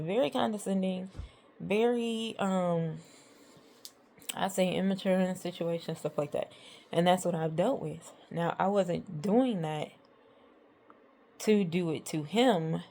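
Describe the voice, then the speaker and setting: A woman's voice: lowish voice, creaky, warm tone. A woman vlogger telling a storytime about arguments with her partner, rambling and exasperated as she retells what was said. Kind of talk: casual storytime monologue.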